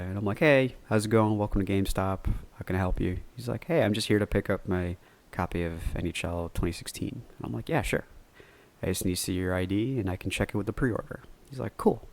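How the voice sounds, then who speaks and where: Low-voiced man rambling through a story. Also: a little mellow. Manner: rambling, loose, cusses freely. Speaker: podcast host. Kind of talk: casual solo storytelling.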